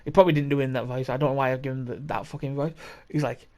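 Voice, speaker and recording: A man's voice: medium pitch, steady tone, rapid-fire, a little mellow. A young man hosting a podcast, telling a story in a rambling, sweary way with plenty of laughs and restarts. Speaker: podcast host. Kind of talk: casual storytelling chat.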